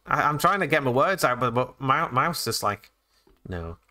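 A man's voice: mid-range voice, very animated, normal speed, bright, forceful tone. A man hosting a let's play video, chatting and joking his way through a game and talking to the characters. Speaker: gaming channel host.

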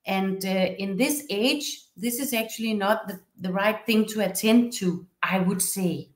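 Danish-accented woman professor, mid-range pitch, calm explanatory lecture in a reverberant room. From Denmark. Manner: measured, explanatory storytelling. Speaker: university professor and researcher. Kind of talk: academic lecture. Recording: echoey room.

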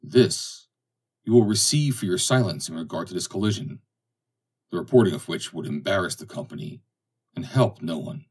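A stern, calculating ship captain with a low, husky voice speaks in a measured, commanding way, as a male reader puts him on. The audiobook recording sounds a little distant, with the mic set some way back from the voice. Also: expressive, a little mellow. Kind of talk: audiobook dialogue reading.

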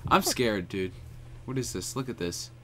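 A man's voice: lowish voice, big pitch swings, normal speed. A young man hosting a casual let's-play, jumpy and stammering, often nervous. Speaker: gaming channel host.

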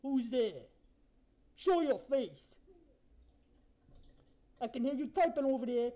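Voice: sits high, lively intonation, slow pace, mellow. A performer voicing a brash, ugly, razor-toothed male monster who eats people, taunting strangers with crude mock-flirting. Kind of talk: comedy character improv on a video chat.

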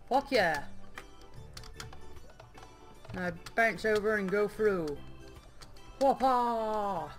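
A woman's voice: mid-range voice, lively intonation, takes it slowly, soft background music. A young woman hosting a gaming video, upbeat and cheering her partner on. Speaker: channel host and gamer. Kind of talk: casual gaming chat.

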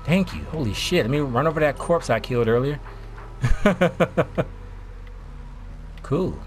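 A young man giving casual gameplay commentary as a streamer, excitable and profane, with yelping outbursts. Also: a little high, measured pace, faint music behind. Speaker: gaming streamer.

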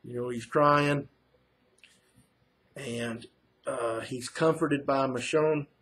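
This reviewer's voice is mid-range and a bit bright, with fairly even intonation and a slow delivery. He retells a comic book issue in a loose, meandering way, stumbling through fillers and restarts as he gives his first reactions.

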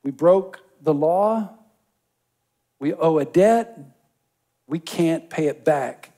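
A man's voice: fairly high pitch, animated, slow pace, warm tone. A pastor preaching a sermon, reading a parable and speaking straight to his congregation with rising emphatic bursts. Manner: addresses the congregation directly.

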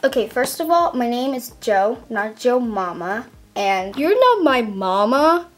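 Girl doing a whiny defensive kid, high voice, faint noise, toy skit. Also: sing-song, measured pace. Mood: flustered. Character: flustered schoolboy upset by a joke name.

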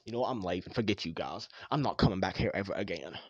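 A man's voice: low voice, fast talker, breathy edge, dry recording, dull audio, pitched below the performer's own voice. A man voicing a grumpy, arrogant male rabbit animatronic who talks in a rude, snappy way in a fan machinima. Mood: fed up.

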